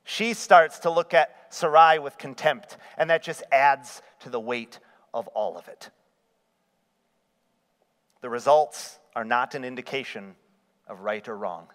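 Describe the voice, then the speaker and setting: A man's voice: mid-range voice, unhurried, pauses often, fairly bright tone. A man preaching a sermon, asking his congregation rhetorical questions. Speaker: pastor. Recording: long reverb of a hall.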